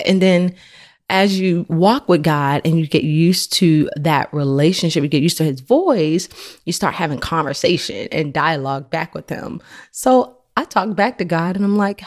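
A woman's voice: deep voice, normal speed. A woman in her thirties, a podcast host, telling a personal faith story in an earnest, conversational way.

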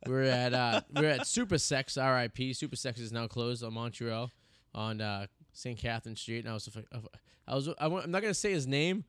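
A man's voice: medium pitch, fairly quick, few pauses, a bit bright, smooth, no echo, studio quality. A man in his thirties hosting a casual podcast, telling long rambling stories full of restarts and fillers. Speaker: podcast host. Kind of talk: casual chat. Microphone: studio mic.

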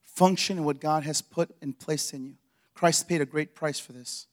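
A man's voice: on the high side, normal speed. A man preaching a sermon in a church as pastor, telling stories with energy and acting out the dialogue.

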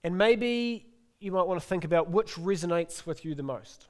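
A middle-aged male pastor preaching a sermon in an earnest, gently inviting way, then closing in prayer. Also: sits high, moderate pace.

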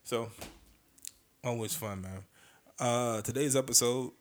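Fairly low in pitch and steady in tone, a man chats informally while hosting his own show. His talk drifts with hesitations and is punctuated by rapid impressions of other comedians.

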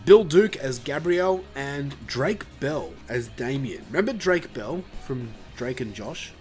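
A man hosting a casual film chat, laid-back and halting, with lots of fillers and swearing. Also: medium pitch, animated, darkish tone, soft background music. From Australia. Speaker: podcast host reviewing a film.

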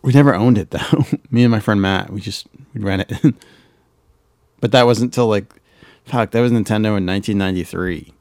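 A man chatting casually on a podcast, his speech rambling, profane and full of fillers and restarts. His voice sits on the low side. The sound is dry and close, with no room around him. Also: moderate pace, a little mellow, no room sound. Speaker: podcast co-host. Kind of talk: casual nostalgic chat.

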